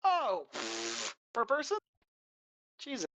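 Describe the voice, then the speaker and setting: A woman's voice: medium pitch, wildly swooping pitch, slow, fairly bright tone, slight background noise. A woman playing in a tabletop game, chatty and exclaiming. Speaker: player. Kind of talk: casual tabletop play.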